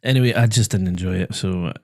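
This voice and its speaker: Talking fast in a low, slightly mellow voice, a Scottish man hosts a podcast from a small studio. A driving instructor by trade, he's a chatty storyteller who laughs at his own stories in casual conversation.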